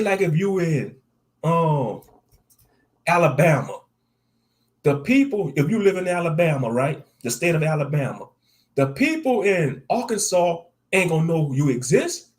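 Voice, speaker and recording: On a livestream, an online commentator with a fairly high, darkish male voice reads scripture aloud and then riffs on it. His slangy talk carries a preachy edge, and he repeats lines for emphasis.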